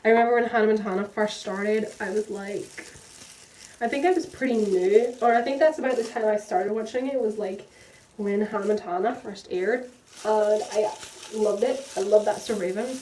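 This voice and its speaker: A woman's voice: mid-range voice, normal speed, warm tone, slight background noise. Chatty woman in an echoey room. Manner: rambling, chatty, full of fillers, laughs at herself. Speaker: book vlogger. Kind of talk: casual chat while dyeing hair. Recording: roomy echo, slightly distant.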